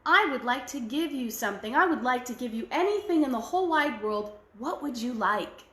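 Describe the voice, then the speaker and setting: A woman's voice: on the high side, animated, a little fast, fairly bright tone, echoey room. A woman voicing a polite, gallant male knight who speaks in a formal, courteous manner. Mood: courtly.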